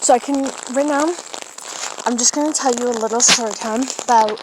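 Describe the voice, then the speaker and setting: A woman's voice: fairly high pitch, a little fast. A teenage girl chatting and rambling into a handheld phone while walking her dog outside in the rain. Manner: rambling, giggly, chatty storytelling. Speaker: vlogger. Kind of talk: casual vlog chat. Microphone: handheld phone camera. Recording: rain noise over the voice. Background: rain on an umbrella.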